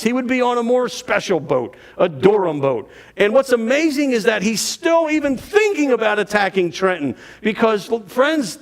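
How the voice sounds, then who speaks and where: A man giving a dramatic, animated storytelling talk on history to an audience. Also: high-pitched. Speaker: history speaker.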